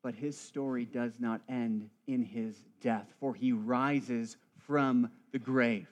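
A man's voice: medium pitch, steady tone, slow pace, lo-fi sound. Man preaching a rhythmic sermon. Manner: rhythmic, building to fervent emphasis, wry asides. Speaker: priest. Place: church.

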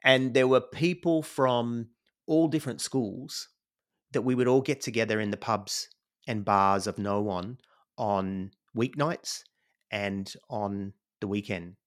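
A man's voice: lowish voice, takes it slowly. A middle-aged Australian man, a podcast guest, telling his life story in a reflective, rambling way, with frequent "you know"s. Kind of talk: conversational storytelling.

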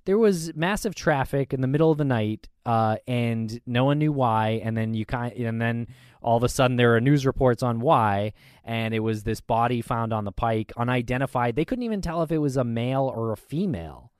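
A man's voice: medium pitch, normal speed, darkish tone, clear, resonant tone. A man in a casual chat walks through a news story, stopping and restarting as he goes. His voice sits in the middle range and sounds dry and close to the mic, with no room echo. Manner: recounts a news story with many fillers and restarts.

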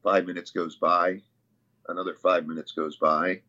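Casual male guest, bright forceful tone, rambling storyteller, muffled lo-fi audio. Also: deep voice, level tone, normal speed. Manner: rambling, many fillers and restarts. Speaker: interview guest, CrossFit athlete.

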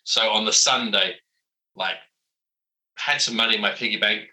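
Bright-voiced man telling stories. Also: lowish voice, moderate pace, poor audio. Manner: animated, self-mocking anecdotes with many fillers. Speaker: comic book writer and guest. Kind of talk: casual interview storytelling.

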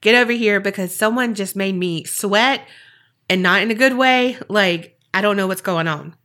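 A woman's voice: medium pitch, normal speed, a bit bright, lightly acted. A woman voicing a blunt prison reverend in a retold story, talking in casual modern slang.

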